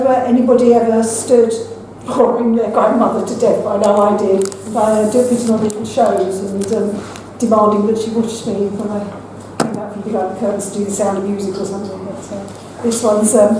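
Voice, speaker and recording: An older woman reading her own poems at an open mic in a measured, recited way, with brief chatty asides between them. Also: medium pitch, level tone, noisy background. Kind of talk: poetry reading. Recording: echoey room from far off with faint ambience.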